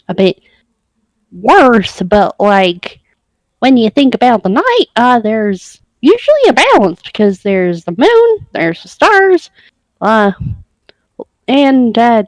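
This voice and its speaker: A woman's voice: fairly high pitch, no echo, rough recording. A woman chatting and rambling with many fillers as a player in a tabletop game. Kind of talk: casual tabletop game chat.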